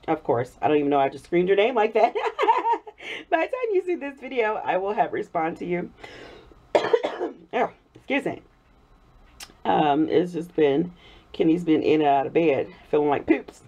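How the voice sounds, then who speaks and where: Lively-voiced woman with a cold. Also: fairly low pitch, measured pace, pauses often. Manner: chatty, warm thanks to viewers, frequent laughs. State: hoarse from a cold. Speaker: soap-making vlogger. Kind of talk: casual chat while crafting. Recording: dull lo-fi recording.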